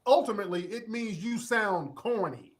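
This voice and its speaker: A man with a high voice speaks bluntly on a live-streamed panel. He lectures with profanity in a casual, talkative way. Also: expressive, moderate pace.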